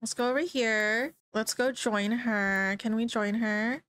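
A woman's voice: fairly high pitch, fairly even intonation, measured pace, a bit bright, smooth. A woman game streamer giving chatty, exclamatory commentary while she plays and talks to her viewers. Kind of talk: casual gameplay commentary.

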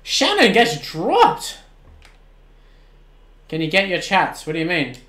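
An Australian gaming streamer in his twenties plays a football video game live, shouting excitably at the plays and then shifting into relaxed chat replying to viewers. His voice sits high, he takes things slowly, and the sound is roomy.

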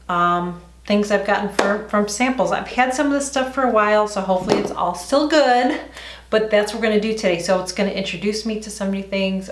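A middle-aged woman chatting casually through a makeup tutorial, talking as she applies products. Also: mid-range voice. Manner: chatty, talks while applying makeup. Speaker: beauty vlogger. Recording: echoey room.

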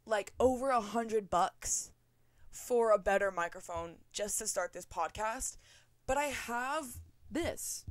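A young woman hosts her first podcast episode at home, talking off the cuff in a loose, rambling way. She swears casually and makes self-deprecating jokes, her voice sitting at an ordinary middle pitch. The sound is dry and close, caught on a cheap microphone with no room echo. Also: takes it slowly. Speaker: podcast host. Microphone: cheap USB microphone.

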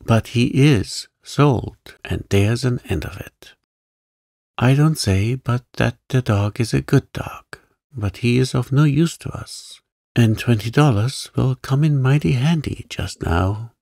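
A man voicing a stern, curt farmer uncle who brooks no opposition, in a calm bedtime story reading. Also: medium pitch, slow pace, gravelly, no room sound, studio quality.

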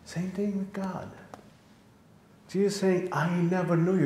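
A man's voice: high-pitched, steady tone, measured pace, dark tone, a little hiss or hum. Guy pastor giving a sermon, repeats stuff for emphasis, roomy church sound. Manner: emphatic preaching, repeats phrases for stress. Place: church sanctuary. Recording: echoey church room.

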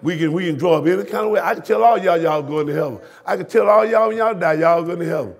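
A man, a pastor preaching a sermon, swinging between hushed talk and shouted lines that he repeats to the congregation. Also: high-pitched, fast, vocal fry. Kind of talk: fiery sermon. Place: church sanctuary.

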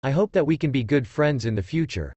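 A proud, insistent boy ninja , as a man reading the story puts him on. His voice rises and falls in a lively way. The sound is dry and close. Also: medium pitch, a little fast, dry recording, natural voice.

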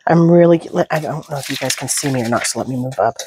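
A low-pitched woman with a Southern US accent talks her way through a craft project, chatty and musing aloud, sometimes dropping to mumbled asides. A faint hiss of background noise sits under her voice. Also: fast. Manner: chatty, talks to herself while working, some mumbled asides. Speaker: crafting channel host. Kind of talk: casual crafting commentary.

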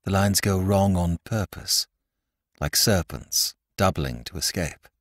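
A man voicing a mild, dreamy priest detective who speaks in a low, musing, solemn way. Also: slow pace, no room sound, clean studio sound.

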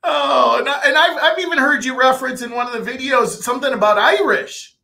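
Bright, high-voiced male podcast host. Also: creaky. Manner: eager, with halting fillers and restarts. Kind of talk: podcast interview hosting.

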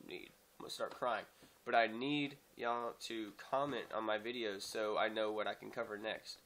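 A man talking casually to his viewers in a hesitant, soft-spoken way that often trails off quietly, recorded on a phone. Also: mid-range voice. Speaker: channel host. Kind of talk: casual talk to camera.

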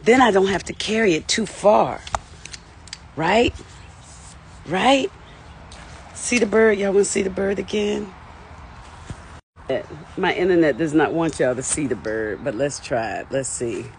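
Speaking at a fairly low pitch and measured pace with long pauses, a woman live-streams from her yard near the lawn. On the edge of tears, she addresses viewers in emotional, repetitive self-talk with nervous laughs, over slight background noise.

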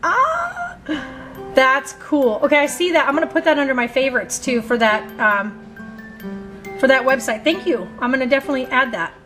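A woman's voice: high-pitched, a little fast, fairly bright tone, soft background music. A woman in her thirties vlogging at home, gushing breathlessly and talking straight to her viewers on a handheld camera. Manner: gushing, breathless, keeps saying "you guys". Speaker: family vlogger. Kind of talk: excited casual vlog.

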